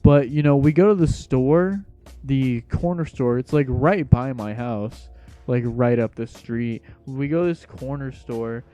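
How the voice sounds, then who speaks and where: A young man spins a casual storytime tale, slangy and rambling. His voice is mellow and a little dark, sitting at an ordinary pitch. Faint music plays underneath. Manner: slangy, laid-back rambling.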